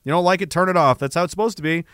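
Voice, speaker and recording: Male livestream host from Canada; profane, rambling storyteller with a bright, dry voice. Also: on the high side, racing, clear, resonant tone, no room sound. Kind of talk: casual livestream chat.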